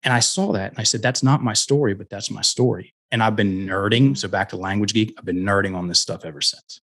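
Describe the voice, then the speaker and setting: A man's voice: on the low side, fairly quick, a bit bright. A middle-aged man, a guest coach, telling personal stories in an interview, earnest and full of restarts. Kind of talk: conversational storytelling interview.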